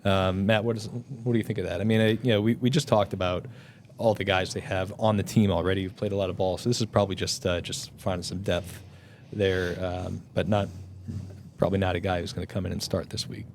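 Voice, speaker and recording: Halting man hosting a sports podcast. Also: low voice, level tone, a little mellow, slight background noise. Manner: halting, many restarts and fillers. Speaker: podcast host. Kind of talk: casual sports podcast chat.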